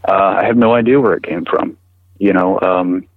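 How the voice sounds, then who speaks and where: A middle-aged man telling his story in an interview, halting and repeating words with many fillers, heard over a tinny phone line. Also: low-pitched, steady tone, no echo. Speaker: guest recounting personal experience.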